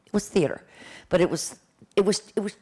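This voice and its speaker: A woman's voice: medium pitch, fairly quick, darkish tone, slightly rough, rough recording. A woman in her sixties, a voice teacher, telling stories in a chatty way to an audience in a lecture room, with many restarts. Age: 60s. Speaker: voice teacher giving a talk. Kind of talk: live symposium talk.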